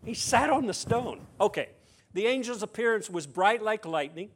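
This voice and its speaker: A man with a notably high voice delivers a sermon, retelling a scripture story in a chatty, conversational way. He drops in playful, humorous asides. His delivery swings from loud emphasis down to soft near-whispers. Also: expressive, moderate pace, a little hiss or hum. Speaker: preacher.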